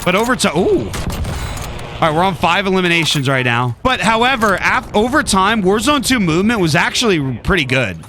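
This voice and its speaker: High, lively, bright-voiced male gamer. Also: fairly quick, slight background noise. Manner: playful trash talk to opponents; rambling, excitable. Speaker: gaming YouTuber. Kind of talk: live gameplay commentary.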